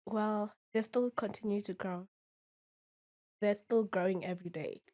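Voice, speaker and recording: A woman's voice: mid-range voice, fairly even intonation, unhurried, dark tone. A woman in her twenties, a podcast guest, talking candidly and often checking in with the listener. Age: 20s. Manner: candid, keeps asking "you understand?". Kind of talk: casual interview.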